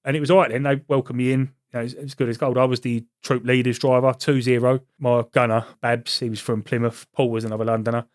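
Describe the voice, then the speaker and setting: Fast-talking army veteran. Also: male voice, mid-range voice, level tone, dry recording, studio quality. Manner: quick, chatty, laughs at his own stories. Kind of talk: casual podcast chat, storytelling.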